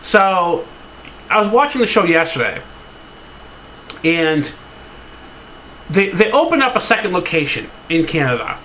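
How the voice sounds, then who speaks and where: High, bright-voiced rambling male vlogger. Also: very animated, measured pace, pauses often, a little hiss or hum, low-quality recording. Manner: rambling, heavy on "like" fillers, casual swearing; open, sentimental storytelling. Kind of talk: casual to-camera vlog.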